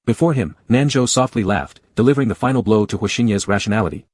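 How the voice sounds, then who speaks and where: A man narrates a romance story in a steady, unhurried read. His voice sits low and carries a husky grain. The recording is dry and close, with no room sound. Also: no echo.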